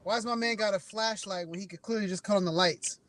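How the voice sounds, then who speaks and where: High-voiced man rambling on a call. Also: fast, fairly bright tone. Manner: rambling, lots of fillers and restarts. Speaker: panelist on a video call. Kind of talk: casual movie review chat. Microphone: video call with a dropping connection.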